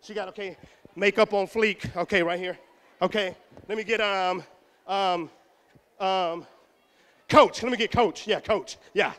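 A middle-aged man from Texas giving an animated motivational talk to students, acting out voices and shouting punchlines. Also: high voice, a little slow, long pauses. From Houston, Texas. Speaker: motivational speaker. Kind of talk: energetic motivational speech to students. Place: school auditorium. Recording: echoey hall.

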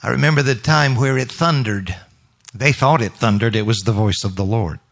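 A man's voice: medium pitch, normal speed, creaky. A male minister giving a spontaneous, reflective sermon during worship and quoting scripture.

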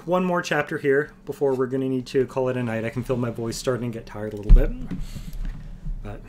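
A man's voice: medium pitch, steady tone, a little fast, noisy background. A man reading a fantasy novel aloud on a livestream, earnest and easygoing between chapters. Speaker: reader.

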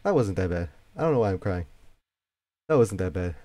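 A man's voice: low voice, very animated, a little fast, mellow, dry recording. Jittery young man playing a horror game. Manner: jittery, swears, yelps and talks to himself when scared. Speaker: gameplay youtuber. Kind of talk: horror game playthrough commentary.

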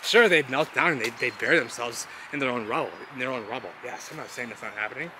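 A man vlogging outdoors, narrating as he digs through ruins, rambling and excitable and repeating himself. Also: medium pitch, fast. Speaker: vlogger exploring urban ruins. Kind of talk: casual outdoor vlog narration. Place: outdoors in a wooded city lot. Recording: noisy outdoor camera audio.

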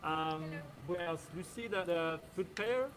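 A man from a band, talking casually and haltingly over a video call from a courtyard. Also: sits high. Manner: halting, hesitant. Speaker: band member. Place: courtyard in Paris. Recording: noisy outdoor video-call audio.

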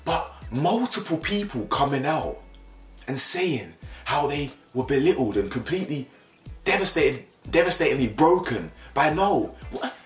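A young man delivers opinion commentary straight to camera. He is emphatic and repeats himself for effect, and his voice leaps upward when he gets worked up. The sound bounces around a roomy space, with soft music running underneath. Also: a little high, lively intonation, a little slow. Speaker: YouTube commentator. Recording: echoey room with faint music bed.

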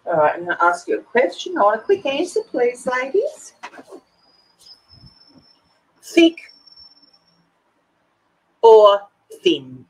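Chatty woman crafting, husky. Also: sits high, sing-song, brisk, few pauses, poor audio. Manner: chatty, talks to herself and viewers while working. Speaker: craft video host. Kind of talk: casual crafting commentary.

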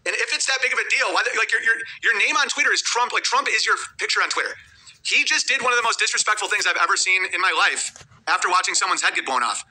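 A male livestreamer with a high, sharply bright voice who talks at a breakneck clip. He rambles and mutters to himself and reads viewer messages aloud between thoughts. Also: quick pace.

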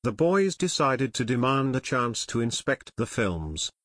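A man's voice: medium pitch, sing-song, unhurried, fairly bright tone, dry recording. Man narrating an audiobook, dry sound.

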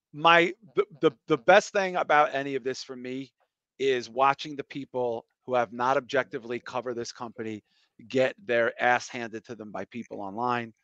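A middle-aged man hosting a podcast, chatting casually and ranting bluntly, with lots of quick agreement. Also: medium pitch, fairly bright tone, no echo. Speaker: podcast host. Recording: dull lo-fi dry podcast audio.

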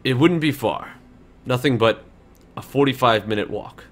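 A man voicing Jacob, a calm, courteous warrior leader in a tabletop game, speaking in measured, formal sentences. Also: mid-range voice, lightly acted. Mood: composed. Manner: measured, polite, formal speech.

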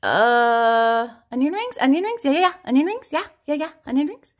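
A woman voicing her confused, hard-of-hearing elderly father, loud and repeating himself. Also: high-pitched, sing-song, normal speed, voice pushed up. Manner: loud, repetitive, bewildered.

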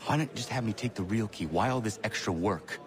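A man voicing a stern young assassin from a video game, terse and blunt in a lowish voice. A busy prison crowd fills the background of the game audio. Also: a little fast, close to an everyday voice. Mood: skeptical. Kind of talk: video game cutscene acting.

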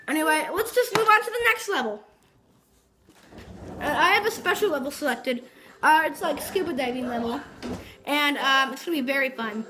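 A woman giving foul-mouthed, mocking commentary over gameplay and breaking into yells. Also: sits high, expressive, moderate pace, background noise. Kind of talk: profane ranting game commentary. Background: game music.

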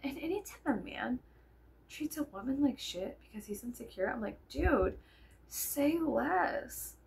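A woman's voice: fairly high pitch, expressive, moderate pace, darkish tone, slightly rough. Tired, sweary young woman vlogging. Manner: rambling, sweary and sarcastic. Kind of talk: casual chat to camera.

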